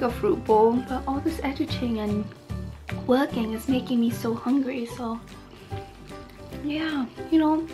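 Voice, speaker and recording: Chatty, giggly young woman vlogging. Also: a little high. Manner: chatty and giggly, slips Japanese words into English. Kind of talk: casual vlog chat.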